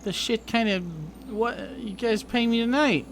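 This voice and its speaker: A man's voice: very high-pitched, steady tone, a little slow. A man voicing a reluctant, complaining hired helper in his own everyday voice, in a home recording with noticeable background noise. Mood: grumbling. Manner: complaining, indignant. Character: grumbling hired male helper, reluctant and money-minded.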